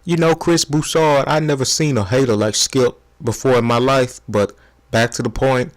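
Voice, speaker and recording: A man's voice: medium pitch, steady tone, normal speed, lightly acted. Man doing a brash, slangy sports pundit. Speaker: comedic impression of a sports debate panelist. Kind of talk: comedy spoof of a sports debate show.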